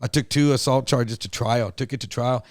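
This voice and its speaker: A man's voice: mid-range voice, moderate pace, no room sound. A man, co-hosting a podcast, telling a long story in a loose, profane way and acting out the other voices. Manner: animated storyteller, acts out other voices, swears freely. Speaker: podcast co-host. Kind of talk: casual storytelling chat.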